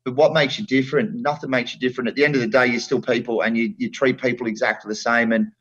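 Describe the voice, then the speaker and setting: A man's voice: medium pitch, fairly even intonation, fast talker, a bit bright, husky. Blunt man on a dull remote line. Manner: blunt, earthy and passionate, with frequent restarts. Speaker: former footballer guest. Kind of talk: casual interview chat.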